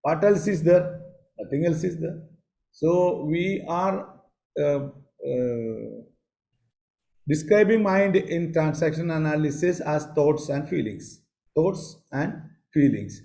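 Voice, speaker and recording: A man teaching psychology on a video call, pausing often, repeating phrases and asking the class questions. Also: fairly high pitch, gravelly, mellow, poor audio. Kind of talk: online class lecture.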